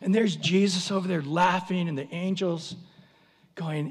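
Male preacher, higher pitch, animated storyteller, long reverb of a hall. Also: a little slow. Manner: animated storytelling, dramatic pitch swings, humorous asides. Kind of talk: sermon.

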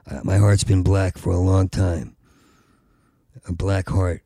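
A man hosting a podcast in a rambling monologue, with a heavy stutter that repeats syllables, and at times rising to a loud urgent plea. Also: deep voice, flat delivery, takes it slowly, slightly rough, no room sound, studio quality. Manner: rises to loud urgent pleading. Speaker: podcast host.

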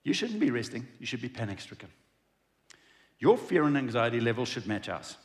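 A man preaches in a church, his pitch leaping high and dropping low as he talks. He slips in and out of little voices for the people in his story, and his delivery stays conversational. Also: a little fast. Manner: animated, conversational preaching with acted-out dialogue. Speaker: pastor. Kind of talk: sermon.

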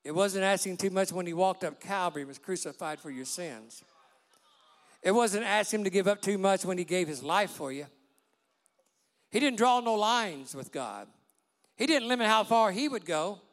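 A man preaching a sermon with passion, dropping to a hush for quoted words. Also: high-pitched, animated, normal speed. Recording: long hall reverb.

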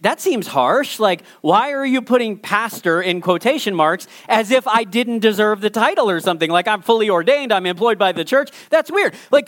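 A man's voice: sits high, fairly bright tone. A pastor in his forties telling a humorous story during a church sermon, acting out his own reactions. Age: 40s. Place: church service.

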